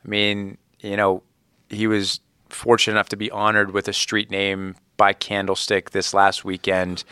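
A man's voice: sits low, sharp tone, clear, resonant tone, no echo, studio quality. A man in his thirties from Ohio, a sports executive answering interview questions in an earnest, reflective way. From Ohio, USA. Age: 30s. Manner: earnest, reflective, frequent "you know". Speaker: sports team executive, guest. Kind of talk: conversational interview.

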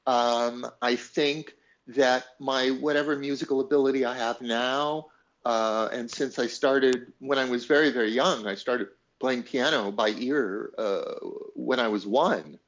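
Animated male storyteller, dull lo-fi sound. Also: medium pitch, unhurried. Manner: animated storyteller, acts out quoted voices, laughs. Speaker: songwriter guest. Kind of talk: conversational storytelling.

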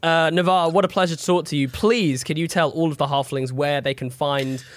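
A man's voice: a little high, a little fast. A man hosting a casual podcast, playful and chatty, often repeating his words. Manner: lively, playful, repeats himself. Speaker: podcast host.

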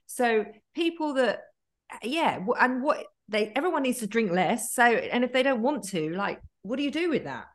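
A woman's voice: fairly high pitch, animated, moderate pace. A woman co-hosting an interview who asks questions and insists on her point. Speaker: co-host. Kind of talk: conversational interview.

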